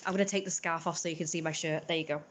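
A woman's voice: sits low, fairly even intonation, racing, slight background noise. A young woman streaming casually, chatting in a rambling way while she cooks and opens parcels, often stopping to correct herself. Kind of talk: casual chat.

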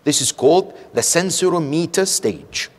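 A man giving a religious lecture at a community centre, telling stories in an animated, rhetorical way and checking in with his listeners. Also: on the high side, moderate pace. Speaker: sheikh lecturing a congregation. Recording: echoey hall.

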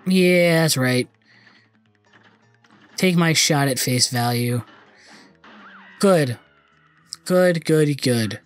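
A man's voice: a little high, drawn-out words, pauses often, soft background music. A young man commenting on his own gameplay, frustrated and cursing often. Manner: frustrated, swearing, muttering.

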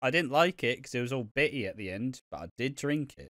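A man's voice: medium pitch, expressive, brisk, fairly bright tone, no room sound, studio quality. A young man co-hosting a casual podcast, swearing often and laughing as he rambles about a soap. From Britain. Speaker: podcast co-host. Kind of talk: casual chat.

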